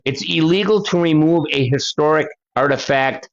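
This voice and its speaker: A man's voice: mid-range voice, lively intonation, slow, muffled recording. An older man hosting a paranormal channel, reading letters aloud with chatty asides to his viewers. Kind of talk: casual reading of letters and articles.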